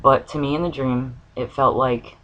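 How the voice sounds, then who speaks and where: A man's voice: mid-range voice, fairly even intonation, normal speed, bright, forceful tone, dull audio, a little hiss or hum. A man telling a personal dream story to the camera, earnest and searching for words, with an occasional cough. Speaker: spiritual vlogger.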